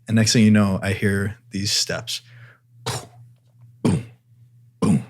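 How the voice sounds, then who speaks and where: Man, podcast co-host, casual storytelling, animated, acts out voices. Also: on the low side, slow pace.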